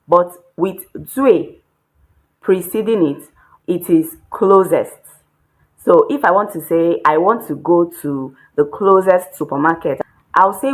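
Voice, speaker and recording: A woman with a somewhat low voice gives a Chinese language lesson. She speaks very slowly and explains each word patiently, repeating key points step by step. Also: poor audio.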